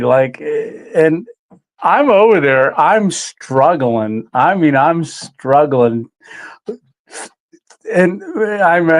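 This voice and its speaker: A man hosting a live stream, reading viewer comments in a relaxed, emotional way with many pauses and fillers. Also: a little high. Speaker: channel host.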